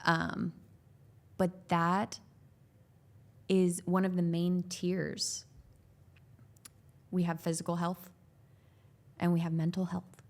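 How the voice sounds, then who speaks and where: A woman's voice: lowish voice, completely flat delivery, slow, vocal fry, pauses often, a little mellow. A woman who works as a growth coach and is a parent of young children. She talks about parenting as a podcast guest, in an earnest, loose way with many "like"s and restarts.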